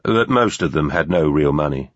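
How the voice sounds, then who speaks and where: A man reading a novel aloud in steady, measured scripted narration. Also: a bass voice, no room sound. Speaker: audiobook narrator. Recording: dull, lo-fi dry recording.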